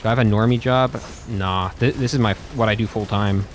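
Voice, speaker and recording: A man's voice: on the low side, steady tone, fairly quick, a little hiss or hum. A young man doing casual gameplay commentary, chatting to viewers with frequent swearing and laughter. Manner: profane, laughing, loose chatter. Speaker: YouTuber playing a game and talking to chat.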